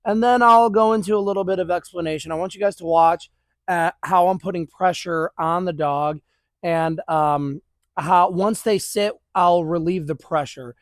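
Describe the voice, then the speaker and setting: A man's voice: high voice, moderate pace, no room sound, studio quality. A man working as a dog trainer, explaining a leash exercise to viewers while praising and handling dogs outdoors. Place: outdoors near grass.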